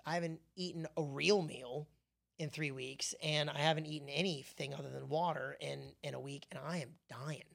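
A man's voice: on the high side, creaky, fairly bright tone. A man hosting a faith podcast, preaching in a loose, joking, self-deprecating way full of asides.

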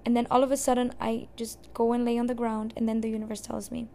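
A young adult woman hosting a podcast, candidly telling a personal story in a casual, expressive way and cursing now and then. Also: on the high side, quick pace, vocal fry, few pauses, a little hiss or hum. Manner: candid and expressive, swears and laughs at herself. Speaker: podcast host.

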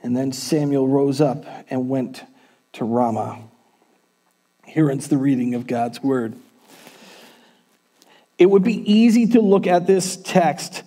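A male pastor preaching a sermon in a church, telling the story in an animated, casual way. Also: on the high side.

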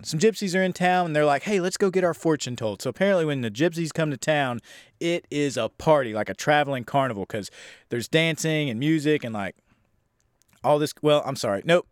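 A man's voice: a little high, dry recording, clean studio sound. Rambling sarcastic man reviewing a film. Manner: rambling, profane, sarcastic, acts out quotes. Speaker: horror movie reviewer. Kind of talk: casual movie review.

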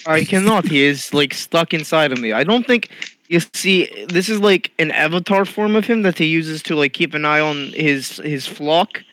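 A man speaks in character at a tabletop game with earnest, slightly stiff formality. His voice sits a bit high for a man, and the sound is dry and close. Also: expressive, moderate pace, a bit bright, no room sound, poor audio. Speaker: player. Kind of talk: tabletop role-play.

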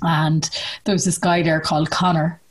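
A woman's voice: low-pitched, level tone, normal speed. Irish woman, young adult, casual chat, storyteller, laughs a lot, acts out voices.

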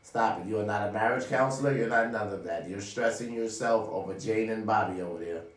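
A man delivering a profane, preachy motivational monologue straight to his viewers, often calling out "ladies and gentlemen.". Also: fairly low pitch, fairly quick, distant mic. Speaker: vlogger giving life advice. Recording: roomy sound, away from the mic.

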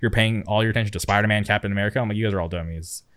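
A young man with a low voice talks casually on a podcast, rambling through his stories with plenty of fillers. He is enthusiastic, and the recording is dry and close with little room sound. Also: fairly even intonation, racing, fairly bright tone, clean tone, dry recording. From California. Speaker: podcast co-host. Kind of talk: casual chat.

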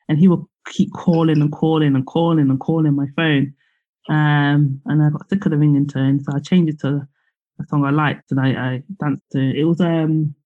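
A woman's voice: low-pitched, mellow, muffled recording. Chatty woman, light laughs. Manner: chatty, laughs often, many fillers. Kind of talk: casual chat.

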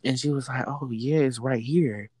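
A woman who works a fast-food drive-thru window, telling a work story in casual chat, acting out the quoted exchanges and swearing freely. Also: a bass voice, darkish tone, husky, dry recording, low-quality recording.

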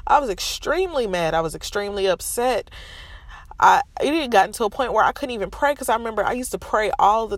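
A woman in her thirties, a vlogger, shares a painful personal story with viewers while sitting in her car in a school parking lot. She is frank and emotional, with a nose stuffy from held-back tears. Her voice is medium-pitched and there is no room sound.

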